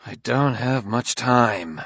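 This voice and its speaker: A man's voice: mid-range voice, takes it slowly, a bit bright, husky, no echo, exaggerated voice. Male actor as pressured cop talking himself through a frame-up; urgent, worried, dry close mic. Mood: anxious. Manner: urgent, anxious reasoning aloud. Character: tense, hunted male human police detective. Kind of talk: audiobook dialogue reading.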